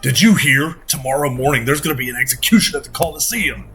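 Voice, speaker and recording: A man's voice: mid-range voice, fast, close to an everyday voice. A man voicing a male tavern patron in a British accent, gossipy and relishing the news.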